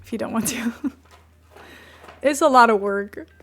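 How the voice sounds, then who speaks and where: Chatty woman streamer, slightly high voice. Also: a little slow. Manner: chatty, rambling, coos at her cat. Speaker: game streamer. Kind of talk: casual livestream chat.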